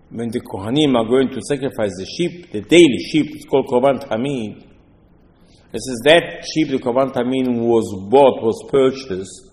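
Man, religious teacher, animated storytelling sermon, medium pitch, long hall reverb. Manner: animated storytelling, mixes Hebrew terms. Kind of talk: Torah lesson sermon.

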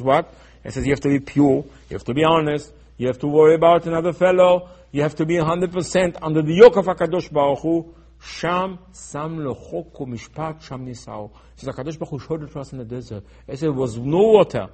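Man, sermon, husky voice, fairly high pitch, emphatic, repetitive, acts out dialogue. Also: quick pace. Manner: emphatic, repetitive, swings between soft asides and loud urgent stresses; acts out dialogue in his teaching. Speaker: Torah teacher.

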